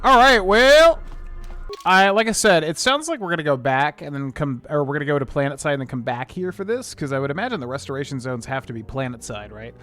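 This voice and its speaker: A man's voice: mid-range voice, animated, quick pace, few pauses, fairly bright tone, soft background music. A man streaming a video game, talking in a casual, rambling way and humming filler syllables while he plays. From United States. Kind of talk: let's play commentary.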